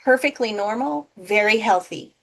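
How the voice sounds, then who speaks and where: A woman's voice: mid-range voice, animated, normal speed, gravelly. A woman teaching as a nursing instructor in a casual recorded lecture, often checking in with "okay?".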